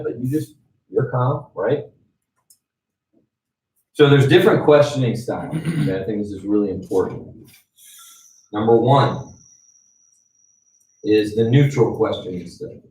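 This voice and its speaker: A man's voice: medium pitch, a little mellow, a little hiss or hum. A man giving a training lecture in a conversational way, often checking in with his listeners. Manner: conversational, checks in with "right?" and "okay?". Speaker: sales trainer. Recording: roomy echo, mic at a distance.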